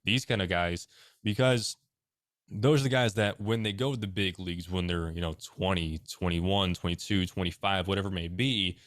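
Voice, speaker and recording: A man's voice: deep voice, steady tone, moderate pace, fairly bright tone, dry recording, clean studio sound. A young man in his twenties, a bat company founder, talking casually and emphatically as an interview guest. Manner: earnest, emphatic advice-giving.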